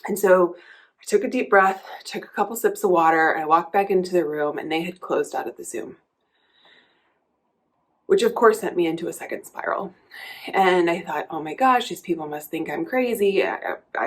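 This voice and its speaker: A woman coach speaking candidly and reflectively in a personal vlog, telling a story with many small restarts. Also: fairly low pitch. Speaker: coach and vlogger.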